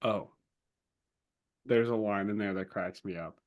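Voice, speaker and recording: A man co-hosting a podcast, talking casually about a book, retelling scenes with lively acted-out quotes and the odd swear word. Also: lowish voice, unhurried, muffled recording. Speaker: podcast co-host.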